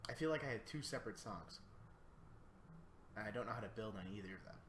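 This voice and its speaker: A man's voice: lowish voice, animated, quick pace. A man streaming from his apartment, thinking aloud in a casual livestream chat while sleepy and yawning. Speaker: streamer composing music. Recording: echoey room, faint background noise.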